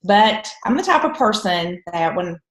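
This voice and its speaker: A woman's voice: medium pitch, big pitch swings, unhurried, reverberant, low-quality recording. A woman with a heavy eastern Kentucky Appalachian accent telling her story candidly on a conference call, laughing often. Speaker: guest trainer. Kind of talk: conference call training talk.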